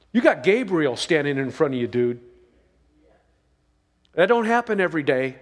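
A man's voice: a little high, sing-song, normal speed, pauses often, long reverb tail. A man preaching a sermon as pastor, folksy and emphatic, drawing out the verses he reads.

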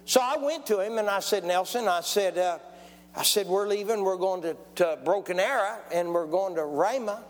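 A man's voice: high-pitched, moderate pace. A man, preaching a testimony sermon in a folksy storytelling way and calling for amens. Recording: long church hall reverb.

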